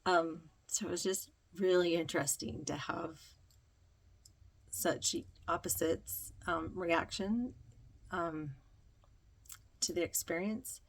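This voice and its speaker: A woman telling a reflective personal story, slow and dreamy, with many ums. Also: lowish voice, steady tone. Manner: slow, dreamy, breathy with frequent ums and laughter. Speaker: spiritual vlogger.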